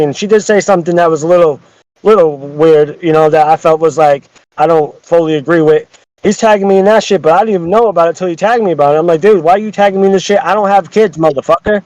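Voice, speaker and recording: Fast-talking heated man, lo-fi dry. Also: fairly high pitch, steady tone, a little mellow, no echo. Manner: heated, profane, rambling with many restarts. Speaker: podcast guest. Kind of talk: casual podcast chat. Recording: dull lo-fi dry sound.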